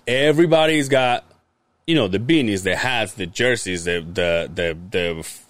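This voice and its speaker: On his podcast, a young host narrates a casual tale full of profanity, playing out each person's dialogue with lively energy. His fairly low voice moves at normal speed, and there's no room sound.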